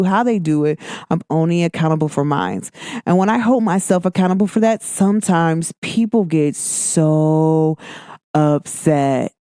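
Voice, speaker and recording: A woman runs a casual podcast monologue in a lively, emphatic manner. Whenever she quotes exchanges people had with her, she uses a higher-pitched voice. The recording is close and dry, free of room echo.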